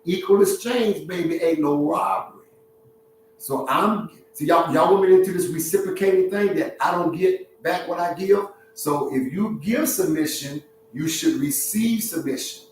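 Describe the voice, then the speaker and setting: A man who is a relationship counselor, talking to his livestream chat in an animated, preachy way with street slang. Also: high voice, normal speed. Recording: very echoey room, distant mic, faint hum.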